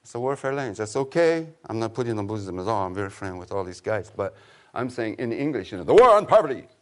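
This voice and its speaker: A man giving an informal public talk to an audience, an animated storyteller who jokes and urges his listeners with a preacher's insistence. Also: on the low side, fast. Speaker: author and teacher giving a talk.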